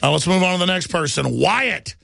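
A middle-aged man hosting a talk radio show in an impassioned, rambling rush that drops to low asides and climbs back up. His voice is bright and sharp, with a heavy gravelly rasp and a slightly raised pitch. The sound is dry and close. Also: animated, brisk, dry recording. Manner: impassioned, rambling, swings between loud and low. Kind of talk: fiery talk radio monologue.

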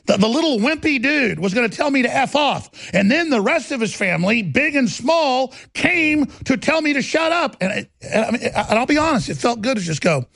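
A middle-aged man hosting a talk show, ranting in a heated, mocking monologue with a raspy voice. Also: extremely high pitch, big pitch swings, a little fast, hardly any pauses, fairly bright tone, no echo. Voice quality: gravelly, raspy.

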